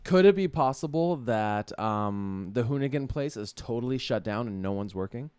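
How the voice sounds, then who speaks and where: A man's voice: mid-range voice, normal speed, clear, resonant tone, no echo. A man co-hosting a podcast in casual, jokey chat, rambling through ideas with filler words. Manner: jokey, rambling, lively intonation. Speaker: podcast co-host.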